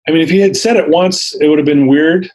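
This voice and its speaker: A man's voice: a little high, fast talker, a little mellow, low-quality recording. Man telling his story with earnest intensity. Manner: earnest, vivid retelling with acted-out quotes. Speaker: interview guest. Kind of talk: personal storytelling.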